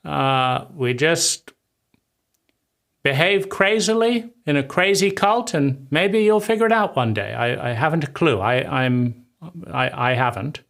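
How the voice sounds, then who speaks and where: A man voicing an overwhelmed, hypocritical mother who is flustered, self-pitying and halting. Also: on the high side, expressive, creaky, a bit bright, exaggerated voice. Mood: defeated.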